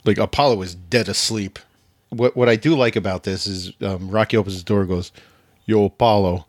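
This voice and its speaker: A man's voice: on the low side, a little fast, no room sound, studio quality. A man hosting a podcast, laughing often and steering the talk. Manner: laughs often, guides the discussion. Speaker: podcast host. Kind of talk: casual podcast chat.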